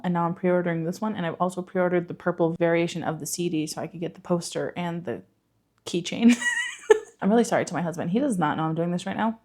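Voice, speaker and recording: A woman's voice: on the low side, a little mellow. A woman chatting to camera in a casual, rambling vlog, laughing often and swearing casually. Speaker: book vlogger.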